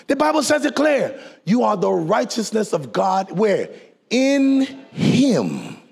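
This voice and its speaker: A man preaching a sermon to a congregation, leading call and response and swinging from low talk to shouted, sung peaks. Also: huge pitch swings, takes it slowly, creaky, breathy edge. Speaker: pastor. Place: church before a congregation.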